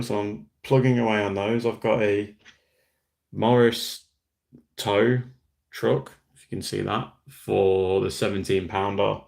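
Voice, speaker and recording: A young man with an Australian accent, hosting a relaxed livestream. His voice sits very low with a gravelly fry, and he chats loosely, reading out viewer comments and answering them. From Western Australia. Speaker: livestream host. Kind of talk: casual livestream chat.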